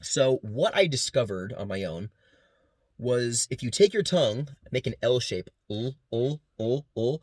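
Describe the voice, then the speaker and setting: A man's voice: medium pitch, sing-song, breathy edge, no room sound. A man giving a casual class presentation, explaining vocal sounds and demonstrating them as he goes. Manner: casual, quick, demonstrates sounds between sentences. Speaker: student presenter. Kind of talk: class presentation with beatboxing demos.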